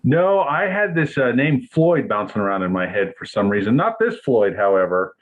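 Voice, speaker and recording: A man playing a trivia game over a call, making wry deadpan jokes. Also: mid-range voice, moderate pace, phone-quality sound. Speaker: quiz contestant. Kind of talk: casual chat on video call.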